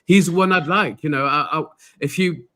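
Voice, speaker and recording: A man's voice: fairly high pitch, moderate pace, fairly bright tone. An English man with a hesitant, rambling manner, chatting casually as a panelist on a live fan stream. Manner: rambling, hesitant, many fillers.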